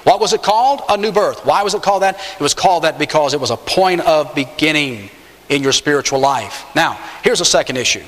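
A man preaching with an emphatic style, his fairly high voice leaping upward on the words he wants to stress. His voice rings out with a long reverb trail, as if from a big sanctuary. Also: expressive, a little fast, fairly bright tone. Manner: emphatic preaching, swings pitch up on key words. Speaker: pastor. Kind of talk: sermon.

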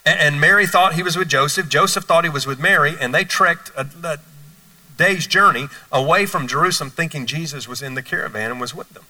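Pastor on stage, animated storyteller, slightly high voice with a sharp, bright edge, heard from afar. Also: male voice, a little fast, distant mic, low-quality recording. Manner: storytelling, lively, playful. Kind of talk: sermon. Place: church stage.

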